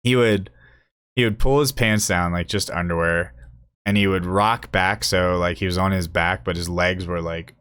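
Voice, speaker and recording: A man's voice: deep voice, fairly even intonation, moderate pace, a bit bright, smooth, no echo, clean studio sound. Profane young man rambling a story. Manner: profane, rambling, laughs at his own stories. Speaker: podcast host. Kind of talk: casual storytelling.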